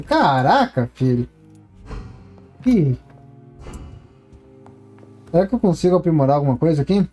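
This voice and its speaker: A woman's voice: deep voice, very animated, normal speed, long pauses, warm tone, soft background music. A woman with a Brazilian Portuguese accent streaming a game, musing aloud to herself in casual gameplay commentary. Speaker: gaming streamer.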